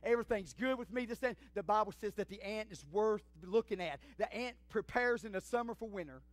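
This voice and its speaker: A middle-aged pastor preaching a sermon in a church, swinging from shouts to near whispers in folksy talk. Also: male voice, high-pitched, fairly quick. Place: church sanctuary.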